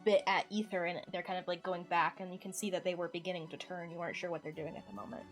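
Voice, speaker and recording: A woman's voice: on the low side, steady tone, fast talker, music in the background. A woman narrating as game master of a tabletop game, hesitant and full of fillers.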